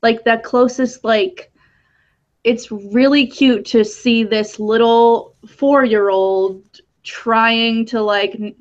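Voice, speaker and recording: A woman guest who talks slowly in a fairly high voice, rambling and stopping to restart her thoughts. The audio sounds dull and lo-fi. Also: steady tone. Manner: rambling, halting, many fillers. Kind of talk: casual chat.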